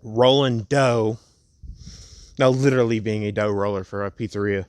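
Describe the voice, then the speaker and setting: A young man at home casually narrating a fan story, rambling and laid-back, slowing down for the dramatic parts. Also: lowish voice, little pitch movement, a little mellow, clean tone, no echo, clean studio sound.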